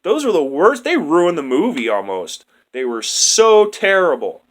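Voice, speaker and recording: A man's voice: on the high side, very animated, unhurried, fairly bright tone. A man reviewing a movie in a crude, slangy, exasperated rant. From United States. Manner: crude, slangy and exasperated, says "dude" a lot. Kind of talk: casual rant.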